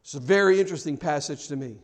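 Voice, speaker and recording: A man's voice: on the high side, quick pace. A man preaching a sermon to his church, talking casually with the congregation and building to fervent emphasis. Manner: conversational, rising to fervent emphasis; jokes with the congregation. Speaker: pastor.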